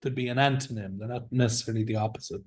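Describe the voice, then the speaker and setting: A man's voice: medium pitch, steady tone, very fast. A man teaching a classroom vocabulary lesson, encouraging his students and drilling the words aloud with them. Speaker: English teacher.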